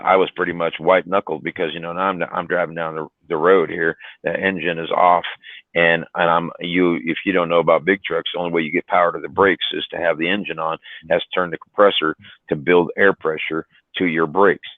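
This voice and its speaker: A man with a very low voice tells a rambling trucking story in a casual way, full of fillers and mild swearing. The sound is thin and phone-like. There is no room echo on it. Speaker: truck driver telling a story on a live stream.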